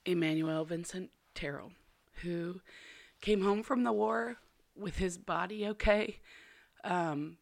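A woman's voice: lowish voice, takes it slowly, gravelly, no echo. A woman hosting a podcast, talking to listeners in a chatty, apologetic and heartfelt way. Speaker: podcast host. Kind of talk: casual podcast intro.

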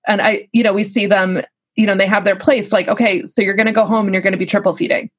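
A woman's voice: mid-range voice, flat delivery, fast talker, husky, dry recording. A woman working as a lactation consultant, talking in a casual, earnest and encouraging way. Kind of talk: casual podcast conversation.

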